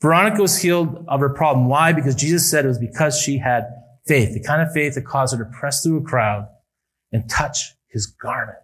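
A male pastor preaching a sermon at a church service, building emphatic appeals that rise and then drop quietly. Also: medium pitch, breathy edge, poor audio.

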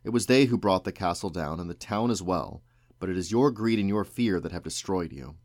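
A man voicing a stern young king who speaks gravely and firmly. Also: sits low, brisk, a little mellow, no echo, clean studio sound. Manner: grave and firm.

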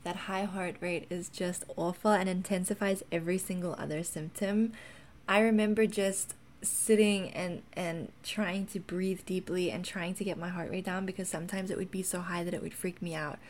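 A woman's voice: on the low side, fairly even intonation, moderate pace, a little hiss or hum. Chatty South African woman. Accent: mixed South African. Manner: chatty, rambling, many ums. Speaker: wellness content creator. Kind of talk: casual vlog talk.

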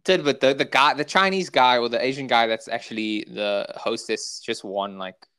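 Speaking with a South African accent, a podcast co-host chats casually and meanders through recaps of episodes, using lots of filler words. He talks at a moderate pace in a medium-pitched voice that is smooth but sharp in tone.

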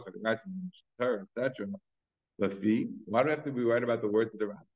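A man teaching a casual Torah class, talking loosely with lots of fillers and Hebrew terms. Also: fairly low pitch. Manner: chatty, many fillers, mixes in Hebrew and Yiddish terms. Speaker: rabbi teaching a Talmud class. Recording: dull, lo-fi class recording.

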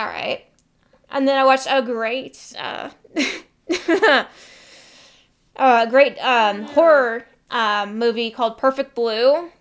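A woman chats about the films she has watched, upbeat and full of ums. Her voice sits a bit high and sounds smooth and clear. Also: fairly bright tone. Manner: upbeat, peppered with ums and little cheers. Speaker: podcast co-host. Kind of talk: casual chat.

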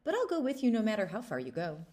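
Lady putting on a cocky boastful little weasel guy, bouncy and lively, all swagger. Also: on the high side, pitched above the performer's own voice. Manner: swaggering, brisk and eager.

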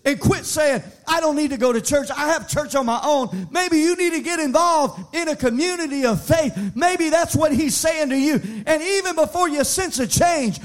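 A man preaching a sermon, moving from shouted sing-song appeals to quieter, conversational teaching with frequent restarts. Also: very high voice. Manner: repeats words in restarts. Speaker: pastor.

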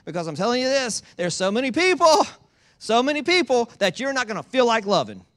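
Pastor, male, high and bright, emphatic repetitive preaching with rhetorical questions. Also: very animated, a little fast. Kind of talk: sermon. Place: church in Georgia.

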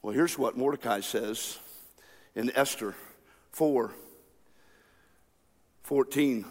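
A man preaching a sermon, telling a story with lively acted-out voices. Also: medium pitch, takes it slowly, pauses often, in a large hall. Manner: animated storytelling, acting out characters. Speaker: pastor.

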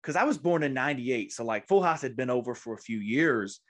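A man's voice: medium pitch, expressive, a little fast. A man in his twenties, a podcast host, telling a rambling, emotional story in casual chat, with many restarts. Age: 20s.

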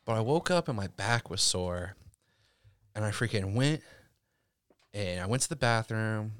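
A man's voice: lowish voice, expressive, measured pace, a bit bright, smooth, no room sound. A man co-hosting a podcast, complaining and swearing about being in back pain. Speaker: podcast co-host. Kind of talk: casual chat.

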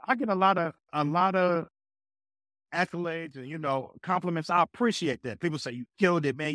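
A man guesting on a podcast, telling a personal faith story with an energetic, preacher-like delivery. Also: on the high side, dry recording, studio quality. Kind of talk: casual faith talk.

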